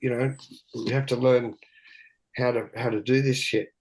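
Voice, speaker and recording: A man's voice: mid-range voice, steady tone, moderate pace, a little mellow, poor audio. A man, a guest telling candid stories in a rambling, profane way with many restarts. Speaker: guest, big-wave surfer. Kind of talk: candid storytelling chat.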